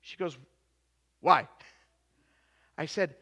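A man preaches with a high, forceful tone that cuts through. He tells stories, acts out what people said and often repeats himself. His voice swings between hushed, quiet moments and rising, louder appeals. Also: lively intonation, fairly quick. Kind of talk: sermon.

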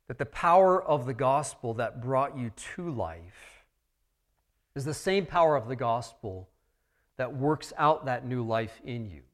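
A man preaching a sermon, walking his listeners through a text verse by verse and swinging between quiet, earnest stretches and loud, emphatic ones. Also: mid-range voice. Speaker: pastor.

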